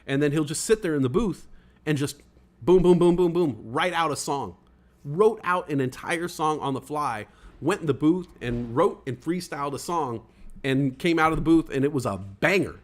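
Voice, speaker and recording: Reading viewer comments aloud, a man rambles excitedly on his casual livestream podcast and swears from time to time. He speaks at a moderate pace in a slightly high voice.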